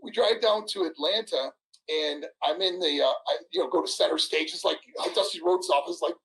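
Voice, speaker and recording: A man in his sixties telling a story in an interview, animated, laughing, acting out everyone's voices. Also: high-pitched, fairly quick, vocal fry, poor audio. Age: 60s. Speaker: guest, former wrestler.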